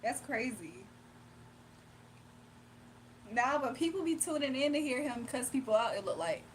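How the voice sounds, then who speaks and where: A woman's voice: high-pitched, animated, measured pace, slight background noise, rough recording. A woman with a Southern US accent from Virginia, casually chatting on a late-night livestream, laughing often and answering her chat. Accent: Southern US, Virginia with Atlanta influence. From Virginia, USA.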